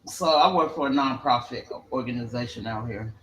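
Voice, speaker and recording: A man's voice: mid-range voice, fairly quick, roomy sound, crowd noise, poor audio. A man from Chicago chatting casually on an open panel, joking and slangy. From Chicago, Illinois. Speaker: panel participant. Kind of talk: casual chat.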